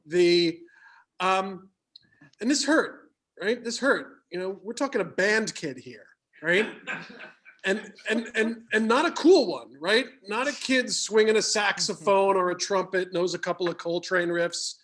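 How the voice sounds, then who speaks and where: A man in his fifties doing stand-up from a classroom, halting, with many fillers and dry asides. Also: high-pitched, lively intonation, fairly bright tone, a little hiss or hum. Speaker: comedian and high school teacher. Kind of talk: stand-up comedy set.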